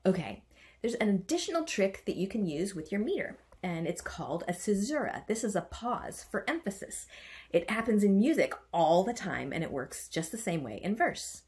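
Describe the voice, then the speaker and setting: A woman's voice: medium pitch, very animated, normal speed, darkish tone. A woman teaching a writing workshop. She chants the stressed beats aloud and adds playful, self-mocking asides. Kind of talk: online writing lesson.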